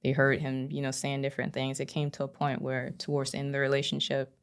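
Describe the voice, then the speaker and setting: A woman's voice: rumbling low, completely flat delivery, quick pace, clean tone. A middle-aged woman, a podcast guest, earnestly recounting her own experiences with many "you know" fillers. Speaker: podcast guest, abuse survivor. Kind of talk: candid personal storytelling.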